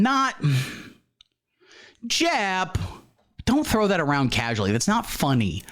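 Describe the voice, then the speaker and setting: A man hosts a satirical comedy show, reacting in a deadpan, mock-earnest tone while playing naive. His voice sits a little high, and his pitch moves around a lot. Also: takes it slowly, long pauses. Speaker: comedy host. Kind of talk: satirical mock-serious commentary.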